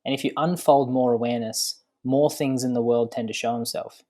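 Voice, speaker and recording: A man who is a podcast guest, explaining ideas thoughtfully with many pauses and fillers. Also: medium pitch, fairly even intonation, dark tone. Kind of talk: casual podcast conversation.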